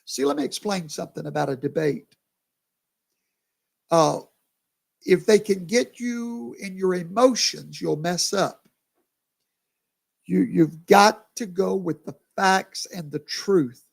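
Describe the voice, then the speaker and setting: A man's voice: high-pitched, expressive, slow pace, creaky, pauses often, slightly rough. A man, a pastor chatting casually on a livestream, tired and yawning, talking to viewers by name. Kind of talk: casual live commentary.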